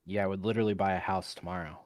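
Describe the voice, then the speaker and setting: A man's voice: deep voice, fairly even intonation, racing, dry recording, clean studio sound. A man co-hosting a casual podcast chat, talking bluntly and swearing freely. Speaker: podcast co-host.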